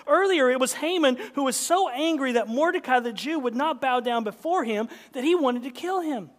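High-voiced preacher in a reverberant hall. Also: male voice, lively intonation. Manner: storytelling, dramatic pauses, builds to emphatic peaks. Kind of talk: sermon.

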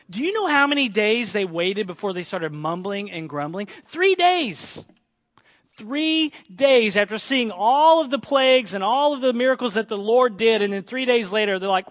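A male pastor preaching a sermon with lively delivery, sometimes mimicking whining complainers. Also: high voice, normal speed.

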